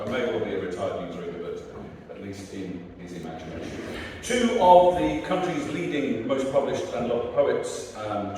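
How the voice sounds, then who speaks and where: A man's voice: medium pitch, noisy background. A middle-aged man from North Essex reading his poems at an open mic, with chatty asides and a rhythmic, punchy recital. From North Essex, England. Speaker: poet. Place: live venue hall. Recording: echoey hall, voice from far off.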